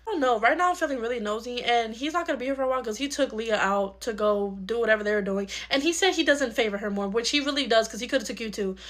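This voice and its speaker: A woman's voice: on the high side, fast, hardly any pauses, fairly bright tone, close to an everyday voice. A woman playing a nosy, scheming mother who gossips while snooping, in a home-video skit. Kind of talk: comedy skit role-play.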